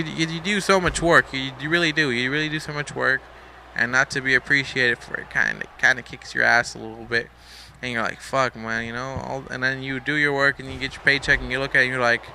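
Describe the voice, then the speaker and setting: Young man, rambling gameplay commentary, bright sharp voice, faint hiss behind. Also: medium pitch. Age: young adult. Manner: rambling, joking, swears casually. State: sleepy.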